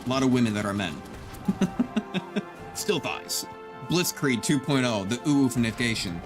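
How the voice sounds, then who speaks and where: A man's voice: mid-range voice, animated, normal speed. Joking male gamer over game music. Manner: joking, mock-grandiose, laughs often. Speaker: gaming YouTuber. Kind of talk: casual gameplay commentary.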